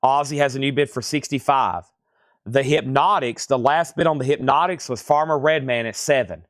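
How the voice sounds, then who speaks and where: A man's voice: medium pitch, no echo, clean studio sound. Man calling a live record auction. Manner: brisk listing of records, prices and bidder names.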